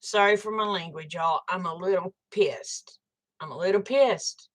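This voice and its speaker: Speaking at a moderate pace in a fairly low voice, an older woman livestream host talks casually with her viewers. She comes across as angry and blunt, cursing without restraint.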